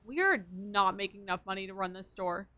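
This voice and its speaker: Brisk and pushed, her mid-range voice comes across bright on a dry recording. This young streamer keeps up casual chatter with viewers during gameplay, muttering item names and counts under her breath.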